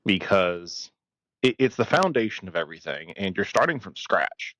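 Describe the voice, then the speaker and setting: A man's voice: low voice, very animated, normal speed, a bit bright, no room sound. A man co-hosting a podcast about emergency medicine, speaking bluntly and with firm opinions, now and then swearing. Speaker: podcast co-host. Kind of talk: casual podcast conversation.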